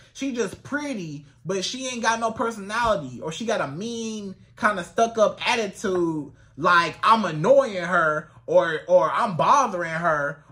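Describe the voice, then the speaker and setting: Bright, high-voiced man coaching on dating. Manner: animated, colloquial, repeats phrases. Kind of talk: casual advice talk to camera.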